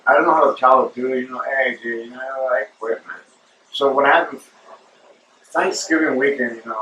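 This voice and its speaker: A man's voice: medium pitch, bright, forceful tone, a little hiss or hum. A man hosting his own show, telling a long casual story full of fillers and asides to the listener. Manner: rambling, filler-heavy, calls listener bro. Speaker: show host. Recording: roomy echo, distant from mic.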